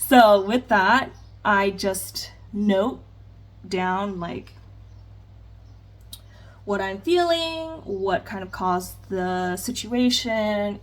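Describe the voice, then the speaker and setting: A woman chatting candidly in a get-ready-with-me vlog, rambling with plenty of fillers while doing her makeup at home. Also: medium pitch. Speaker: vlogger. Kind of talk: casual get-ready-with-me chat.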